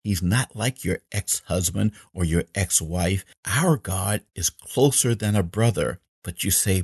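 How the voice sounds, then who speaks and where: A man's voice: sits low, measured pace, few pauses, a little mellow, slightly rough, dry recording, studio quality. A man preaching a sermon as pastor, emphatic and quoting scripture at length.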